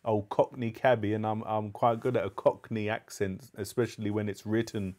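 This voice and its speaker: Low-voiced man reading a storybook aloud. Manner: measured, steady reading; chatty and relaxed between chapters. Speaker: book club host and reader. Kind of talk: live audiobook reading and casual chat.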